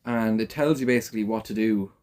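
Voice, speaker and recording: A man's voice: fairly low pitch, fast, darkish tone. Wry young man reading aloud. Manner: dry, wry reader, breaks off laughing. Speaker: podcast co-host. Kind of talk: casual chat, reading aloud from an old book.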